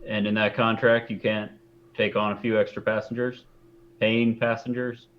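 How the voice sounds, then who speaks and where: A man's voice: fairly low pitch, little pitch movement, normal speed, highs cut off, lightly acted. A man voicing a polite, persuasive male inquisitor seeking passage. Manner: courteous, persuasive.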